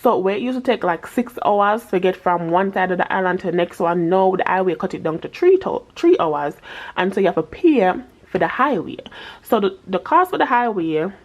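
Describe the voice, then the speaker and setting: A woman's voice: medium pitch, lively intonation, moderate pace, highs cut off. A woman with a Jamaican accent chatting casually to camera as a budgeting vlogger, slipping patois into her talk.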